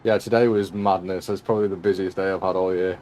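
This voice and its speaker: A tired, yawning man chats from home while streaming a racing sim, his voice sitting low. He is laid-back and jokey, greeting his viewers by name, with a faint hiss underneath. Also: fairly even intonation, fast talker, darkish tone. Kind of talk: casual live-stream chat with viewers.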